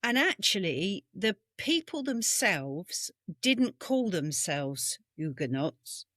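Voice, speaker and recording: Co-hosting a podcast from a home room on a video call, this English woman with a British accent has a lowish, fairly bright voice and is very animated but takes it slowly. Her casual history storytelling meanders and corrects itself, and the webcam mic recording is dry and clean, studio-like.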